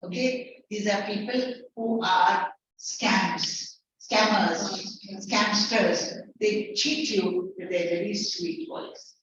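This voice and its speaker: A woman's voice: medium pitch, takes it slowly, few pauses, a bit bright, slight background noise. A woman tutor teaching literature in an online class, explaining each line and repeating key words. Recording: echoey, distant, muffled lecture audio.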